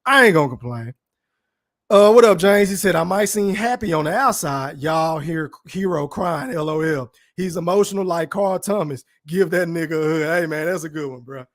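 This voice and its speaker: A man's voice: on the high side, animated, moderate pace. A young man from Dallas, hosting a casual live stream, reading chat comments aloud and ranting in profane slang. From Dallas, Texas.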